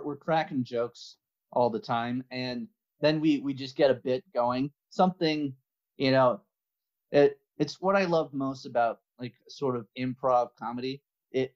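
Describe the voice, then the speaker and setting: A man's voice: mid-range voice, darkish tone. Man's chatty voice on a lo-fi line. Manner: laughs often while telling stories. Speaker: podcast guest. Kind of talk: casual interview chat.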